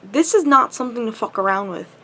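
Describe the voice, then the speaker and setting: A woman's voice: a little high, animated, brisk, bright, forceful tone. A young woman ranting to camera, frustrated and impassioned, swearing heavily, tired late at night. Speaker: vlogger.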